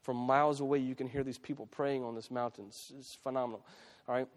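Speaking fast with a medium pitch and fairly even intonation, a man preaches a sermon as pastor. His conversational delivery includes frequent restarts and repeated phrases, recorded in a church sanctuary with long hall reverb.

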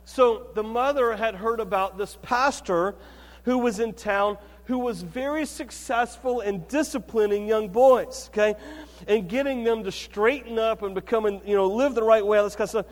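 A pastor delivers a sermon in a chatty, storytelling manner and keeps checking in with his congregation. His voice sits high for a man. The sound carries a long reverb, as in a church sanctuary. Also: moderate pace. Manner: conversational, storytelling, frequent "okay" and "right".

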